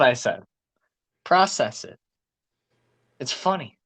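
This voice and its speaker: An animated teenage boy tells stories and jokes with quick bursts of energy, swearing casually. His voice has an ordinary mid-range pitch, and he sounds relaxed chatting with a friend. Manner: animated storyteller, swears freely. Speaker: podcast co-host. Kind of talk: casual chat.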